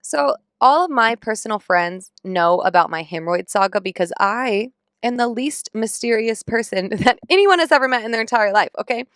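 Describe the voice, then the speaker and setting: A woman's voice: fairly high pitch, expressive, normal speed, fairly bright tone, smooth, no echo, studio quality. A young woman hosting a podcast, telling a story in a candid, profane, comically exasperated way. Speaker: podcast host. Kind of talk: casual chat.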